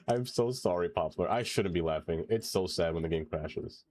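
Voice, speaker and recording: A man's voice: medium pitch, normal speed, few pauses, a little mellow, dry recording. A man streaming a city-building game, chatting casually with viewers, singing along and joking. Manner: playful, singing along and doing silly voices. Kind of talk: casual gameplay commentary.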